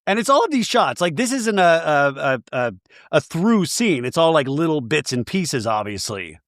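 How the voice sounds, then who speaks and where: A man hosting a podcast, recapping a show in an animated, profane, joking way with frequent laughs. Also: fairly high pitch, normal speed, no echo, clean studio sound. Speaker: podcast host. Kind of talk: comedic episode recap.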